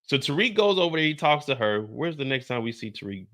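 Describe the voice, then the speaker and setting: A man hosting a live stream, recapping a TV episode in animated, profane, blunt commentary. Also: medium pitch, fast talker. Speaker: TV show recap host.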